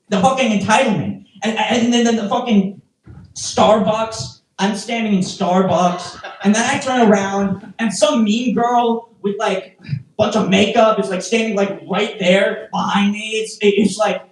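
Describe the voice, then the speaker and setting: A stand-up comedian doing a rambling, self-mocking set with crowd work, full of stammered restarts and sudden loud mocking outbursts. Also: medium pitch, fairly even intonation, unhurried. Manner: bursts into loud mocking shouts. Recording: roomy, voice picked up from a distance.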